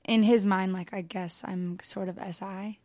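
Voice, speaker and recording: A woman's voice: mid-range voice, fairly even intonation, measured pace, a little mellow, dry recording. Easygoing young woman, dry close sound. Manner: easygoing storyteller, laughs often. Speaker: podcast co-host. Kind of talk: casual chat.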